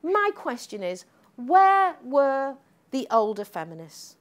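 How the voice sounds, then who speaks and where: A woman's voice: sits high, very animated, slow. An older woman from the United States giving an emphatic, sardonic public lecture as a professor, often tagging her points with "okay?" and "right?".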